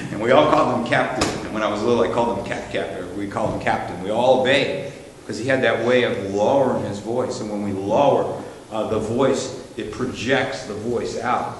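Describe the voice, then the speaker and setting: A man's voice: fairly low pitch, brisk, a little hiss or hum. A man presenting a live seminar to a music ministry team, talking in a folksy, storytelling way with many fillers and restarts. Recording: roomy live hall recording with reverb.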